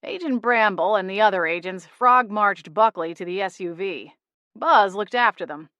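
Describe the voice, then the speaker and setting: A woman reading a first-person audiobook in a lively storytelling manner. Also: medium pitch, normal speed, no room sound, studio quality. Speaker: audiobook narrator.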